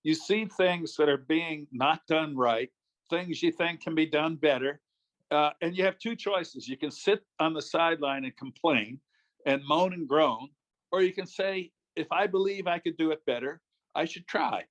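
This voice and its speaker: An older man from New York State talks as an interview guest, slipping into relaxed, chuckling anecdotes. His voice sits slightly higher than most men's. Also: moderate pace. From New York State, USA. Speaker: guest, former politician. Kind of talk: casual interview storytelling.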